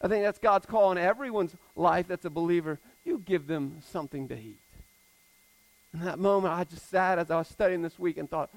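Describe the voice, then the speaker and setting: A male pastor preaching a sermon in a conversational way, with casual fillers, swinging between emphatic and hushed delivery. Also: sits high, brisk, creaky, dry recording, low-quality recording.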